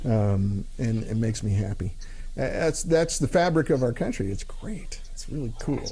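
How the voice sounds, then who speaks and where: Male host, easygoing rambler, average pitch, casual stream chat. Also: moderate pace, warm tone, husky. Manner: rambling, joking, frequent fillers. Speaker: livestream host.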